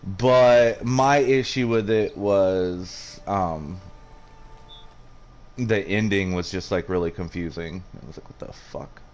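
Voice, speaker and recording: A man with a drawl chats while streaming a game. His voice sits a little low, and he rambles from story to story, swearing freely along the way. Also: takes it slowly, slight background noise. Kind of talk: casual chat while gaming.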